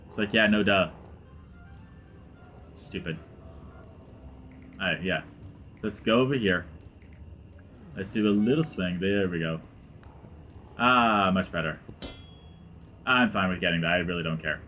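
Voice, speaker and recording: A let's play gamer offers casual commentary in a low, sharp-toned voice, unhurried and full of long pauses. He rambles, leans heavily on "like" and other fillers, and slips into mutters, with faint music behind him.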